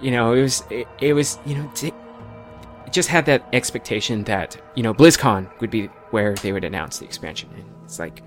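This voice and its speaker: A man's voice: mid-range voice, soft background music. A man hosting a gaming podcast, reading out listener tweets in casual chat with many fillers and restarts. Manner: halting, full of fillers and restarts. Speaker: podcast host.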